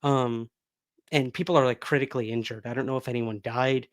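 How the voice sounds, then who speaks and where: A man's voice: mid-range voice, steady tone, brisk, dry recording. Chatty male livestream host, dry sound. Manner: chatty, reads viewer comments aloud. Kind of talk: casual livestream chat.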